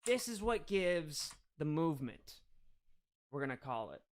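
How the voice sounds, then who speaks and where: A man's voice: fairly high pitch, big pitch swings, a little slow. A man hosting a livestream, launching into a profane, confrontational rant. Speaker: livestream host. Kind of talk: profane ranting livestream commentary.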